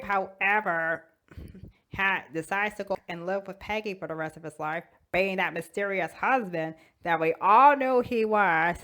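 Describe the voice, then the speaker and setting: Woman telling a fan story on her toy channel, bubbly and giggly, mid-pitch voice. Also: a bit bright. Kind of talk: casual fan chat.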